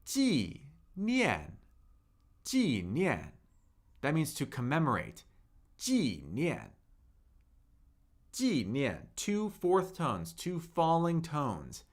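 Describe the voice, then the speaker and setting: A man teaching Mandarin on a live stream, upbeat and talking to viewers in the chat while he repeats vocabulary. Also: on the high side. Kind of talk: live-streamed language lesson.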